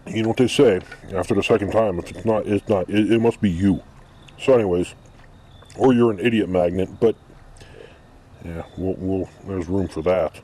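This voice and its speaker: Blunt, rambling man with a low voice. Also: normal speed, dark tone, slight background noise. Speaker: vlogger. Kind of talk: casual opinion monologue.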